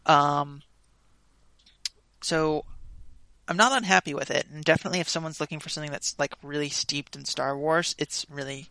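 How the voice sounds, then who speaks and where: Gravelly bright-voiced woman chatting candidly. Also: sits low, steady tone, moderate pace, dry recording. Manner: thoughtful, hedging, candid. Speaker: podcast guest, tabletop gamer. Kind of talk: casual chat.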